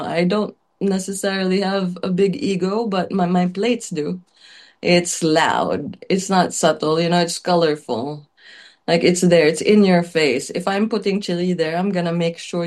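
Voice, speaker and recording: A woman's voice: lowish voice, darkish tone. A woman chef telling her story in a chatty, emotional way, full of fillers and little laughs, her voice wavering with tears at times. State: tearful at times. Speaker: chef, interview guest.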